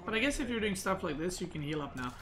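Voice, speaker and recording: A man giving casual commentary on a recorded match, thinking out loud with lots of "like" and "right?" fillers. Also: high-pitched, big pitch swings, quick pace. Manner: thinks aloud, filler-heavy, says "like" and "right?" a lot. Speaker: game analysis host.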